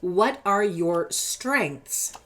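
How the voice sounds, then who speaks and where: A woman's voice: mid-range voice, very slow. A woman from California with a Californian accent, chatting casually as she reads tarot cards. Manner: lively, chatty, laughs easily, animated emphasis. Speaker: tarot reader. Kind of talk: casual tarot deck interview reading.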